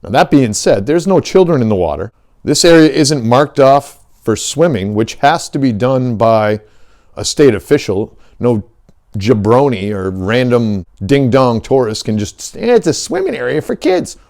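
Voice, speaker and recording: A man's voice: medium pitch, animated, a little slow, a little mellow. A middle-aged man hosting a fishing channel, talking in a heated, blunt and profane way in a casual rant. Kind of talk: casual ranting vlog.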